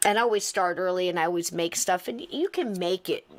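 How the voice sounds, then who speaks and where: A middle-aged woman hosting a podcast, telling stories in a casual, animated way and laughing through them. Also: lowish voice, fairly quick. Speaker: podcast host. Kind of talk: casual storytelling chat.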